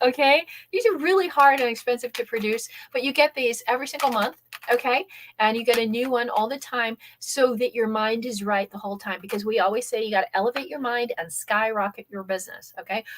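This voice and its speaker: Chatty woman hosting a live stream. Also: on the high side. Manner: chatty, energetic, keeps saying "okay?". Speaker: workshop host. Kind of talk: live-stream workshop talk.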